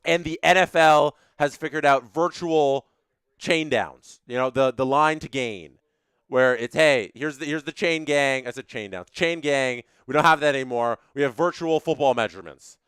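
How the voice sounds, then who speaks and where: A man's voice: mid-range voice, moderate pace, a bit bright, clear, resonant tone, no room sound, clean studio sound. A man hosting a live stream, reading viewer chats and ranting opinionatedly, often repeating his phrases.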